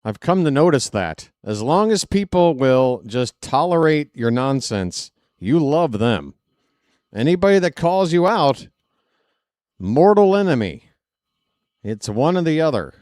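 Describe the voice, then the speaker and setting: A man's voice: on the high side, big pitch swings, a little slow, darkish tone, no room sound, studio quality. A man hosting a live stream, talking to the chat in a sarcastic, mocking way. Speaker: host. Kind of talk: live stream commentary over a replayed clip.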